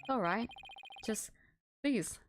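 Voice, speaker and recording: A woman's voice: on the high side, animated, slow, over music. A woman reading the lines of an earnest, slightly nervous young male lawyer in a game.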